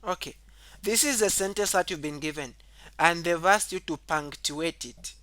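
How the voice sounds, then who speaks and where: A man's voice: normal speed, no echo. A man teaching a grammar lesson, explaining step by step, repeating key points and saying "okay" often, and reading example sentences aloud with extra emphasis. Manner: reads example sentences aloud louder and higher.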